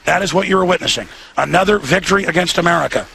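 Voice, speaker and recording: A radio talk show host giving fiery, repetitive live commentary outdoors near a hotel. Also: male voice, fairly high pitch, fast, gravelly, background noise. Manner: fiery, repetitive, ranting delivery.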